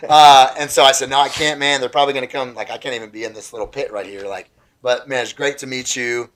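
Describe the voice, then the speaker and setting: A man, a pastor telling a story in casual conversation on a podcast, excitable and acting out the voices of people in it. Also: medium pitch, quick pace. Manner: animated, excitable storyteller who acts out voices.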